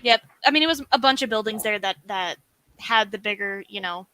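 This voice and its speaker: A woman's voice: medium pitch, a little fast, bright, forceful tone, low-quality recording. A woman guest telling ghost-hunting stories in a chatty way with many fillers. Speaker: guest paranormal investigator. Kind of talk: casual chat.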